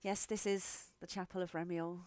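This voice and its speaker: A woman voicing a gentle, reassuring female caretaker of a chapel in a tabletop game. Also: lowish voice, little pitch movement, moderate pace, dry recording, close to an everyday voice. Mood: soothing.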